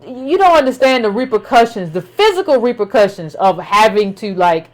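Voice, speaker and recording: A woman's voice: fairly high pitch, very animated, normal speed, rough recording. A woman hosting a call-in show, talking casually and animatedly, repeating her points for emphasis with lots of "like". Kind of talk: casual talk-show commentary.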